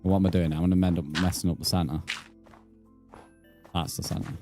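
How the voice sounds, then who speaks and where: A man's voice: low voice, little pitch movement, brisk, music in the background. A British man chatting casually while livestreaming a game, swearing freely and muttering counts under his breath. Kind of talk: casual gaming livestream chat.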